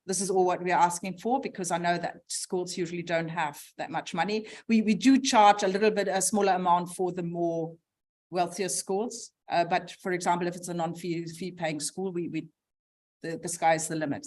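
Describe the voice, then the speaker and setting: A woman speaking at a conference, hesitant, repeating her words as she explains. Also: fairly low pitch. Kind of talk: answering at a conference.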